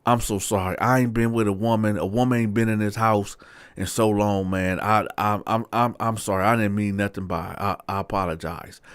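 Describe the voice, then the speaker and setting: A man's voice: on the low side, fairly even intonation, brisk, clean tone, no room sound, lightly acted. A man voicing an older father-in-law who is pushy and leering, stammering and repeating himself. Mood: pleading.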